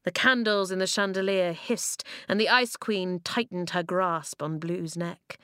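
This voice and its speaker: A woman narrating a children's storybook, shaping each line with calm expression. The recording is close and dry with no room around her. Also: on the low side, measured pace, clean tone, dry recording. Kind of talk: storybook reading aloud.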